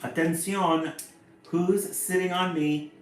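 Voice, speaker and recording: A man voicing a small, excitable male tree frog who squeaks and peeps, slipping Spanish words in among English ones. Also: normal speed, close to an everyday voice. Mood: alarmed. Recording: echoey room, faint music.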